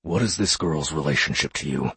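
Man playing a cold old spymaster, curt, commanding, deep, husky. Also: expressive, a little fast, fairly bright tone, big-room sound, heavily acted.

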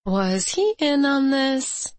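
Woman reading a teary breathless young woman, higher voice, slow and soft. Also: big pitch swings, no room sound, heavily acted. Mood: tearful joy. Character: emotional young woman, newly engaged.

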